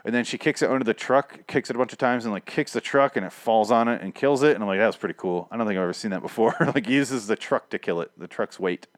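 A man's voice: fairly low pitch, quick pace, hardly any pauses, no echo, studio quality. A man casually recapping and reviewing a TV episode, rambling and sarcastic, swearing often and acting out the characters' lines.

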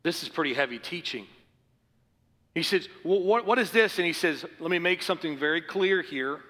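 A middle-aged man preaching a sermon as pastor, earnest and rising to forceful emphasis. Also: a little high, lively intonation, moderate pace, long reverb tail. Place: church sanctuary.

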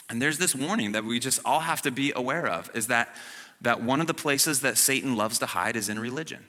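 A man's voice: mid-range voice, sharp tone. A man preaching a sermon as pastor, casual and humorous, with many fillers and asides, recorded in a church. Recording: long church reverb.

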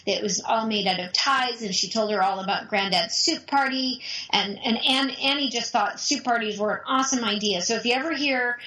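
A middle-aged woman, a mother, telling a personal family story in an animated, emotional way. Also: on the high side, normal speed, few pauses, low-quality recording.

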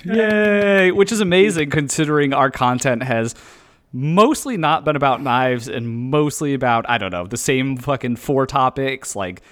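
A man's voice: medium pitch, expressive, moderate pace, fairly bright tone. A man co-hosting a casual podcast, rambling and joking with loose, profane asides. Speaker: podcast co-host.

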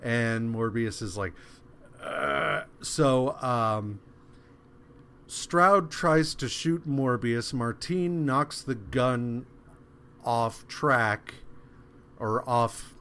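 Slow, easygoing male podcast host. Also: mid-range voice, smooth. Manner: relaxed, rambling retelling with quick voiced asides. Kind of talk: casual comic book recap.

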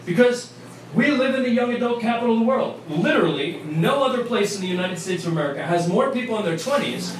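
Chatty priest in an echoey pub. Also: male voice, sits high, lively intonation, quick pace. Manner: chatty, storytelling. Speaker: priest giving a talk. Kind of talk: casual talk to a pub crowd. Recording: echoey pub, distant mic, noise.

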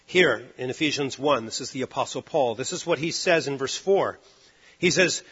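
A man preaching a sermon, driving points home with loud stresses and then dropping to hushed, low lines. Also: moderate pace, breathy edge, highs cut off.

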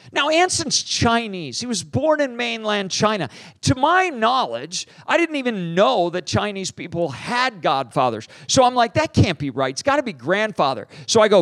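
A middle-aged man preaches by telling a story in a slightly high voice. He acts out every exchange, jumping in pitch and loudness. The sound is dry and close. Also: sing-song, moderate pace, no room sound. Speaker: pastor and teacher on deliverance. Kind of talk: storytelling sermon.

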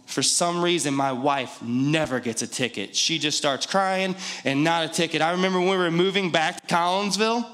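Male pastor, slightly higher voice, chatty sermon delivery with emphatic repeats. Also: normal speed, few pauses, a bit bright. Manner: conversational and joking, with emphatic repetition.

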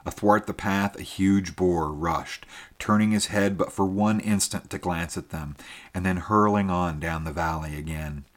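A man narrating a story in a measured, steady reading. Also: sits low. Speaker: audiobook narrator. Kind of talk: scripted narration.

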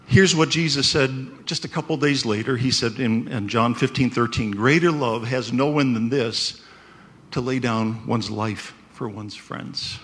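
A man's voice: medium pitch, measured pace, a bit bright, slight background noise. A man preaching a conversational sermon, often checking in with "right?". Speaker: pastor.

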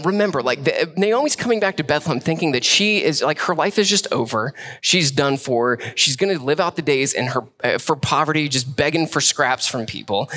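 A man's voice: mid-range voice, fairly bright tone. A young adult man, a pastor, preaching a sermon in a casual, conversational way with many fillers.

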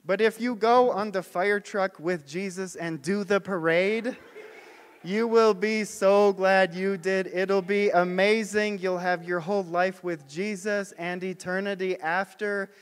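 A man's voice: high-pitched, fairly even intonation, a little slow, smooth. A man preaching a sermon as pastor, telling stories and putting questions to the congregation. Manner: storytelling, asks the congregation questions. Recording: long hall reverb.

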